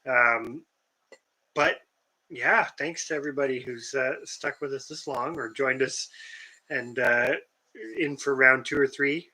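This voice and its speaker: Hoarse man with a sharp, tense voice. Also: medium pitch, a little slow, low-quality recording. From Canada. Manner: relaxed, chatty, trails off with fillers. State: hoarse, losing his voice. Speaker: co-host of a homestead livestream. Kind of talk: casual late-night live chat.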